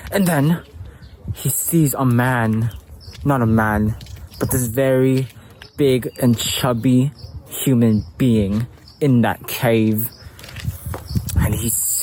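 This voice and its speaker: Slow, playful male storyteller. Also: mid-range voice, darkish tone, slight background noise. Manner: playful, self-correcting. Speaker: camp counselor. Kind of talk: casual storytelling.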